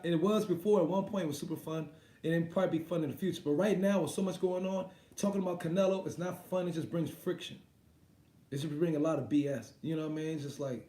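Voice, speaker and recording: Casual male live-stream host, high voice, loose and profane, echoey room. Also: dark tone. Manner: loose, profane, laughs often. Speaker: boxing livestream host.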